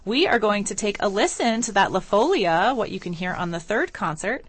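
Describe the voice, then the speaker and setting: A woman's voice: medium pitch, animated, moderate pace, husky, no room sound. Bubbly female radio host, dry studio sound. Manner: bubbly, enthusiastic, laughs easily. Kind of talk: radio interview. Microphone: studio microphone.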